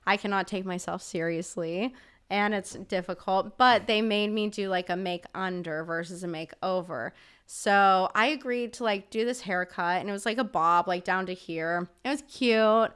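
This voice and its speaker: A woman's voice: mid-range voice, moderate pace, fairly bright tone, clean tone. A woman guest on a podcast telling a story in a casual, chatty way, filling her talk with "like" and swearing freely. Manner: chatty, filler-heavy with frequent "like", swears freely.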